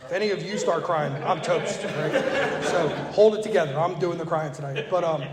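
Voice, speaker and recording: Man, fairly high voice, loose joking storyteller at a recovery meeting, echoey hall. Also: normal speed, crowd noise. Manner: casual, joking storyteller who acts out other people's voices. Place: meeting room with an audience. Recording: echoey hall with faint ambience.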